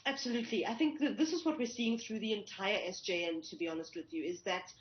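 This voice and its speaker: A woman, a cricket journalist, giving thoughtful, measured news analysis over a remote link. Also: mid-range voice. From South Africa. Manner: thoughtful, measured, with frequent restarts. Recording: roomy, slightly dull remote line.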